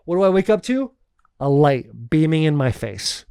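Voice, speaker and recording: A man co-hosting a podcast, telling a story in an animated, profane way with frequent laughs. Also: fairly high pitch, normal speed, creaky, clean tone, dry recording, studio quality. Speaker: podcast co-host. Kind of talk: casual storytelling chat.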